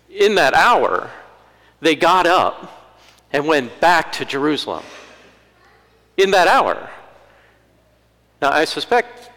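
A man's voice: sits high, a bit bright, long reverb tail, low-quality recording. A man preaching a conversational sermon in a church, with wry asides and acted-out quotes.

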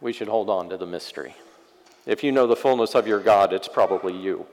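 A male pastor preaching a sermon with wry, sarcastic asides, swinging from loud passages to very quiet ones. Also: on the low side, brisk, big-room sound, poor audio.

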